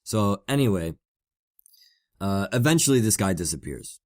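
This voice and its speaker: A man's voice: fairly low pitch, very animated, normal speed, darkish tone. A man hosting a podcast, telling a casual story in a rambling way with many fillers and repeated words. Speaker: podcast host.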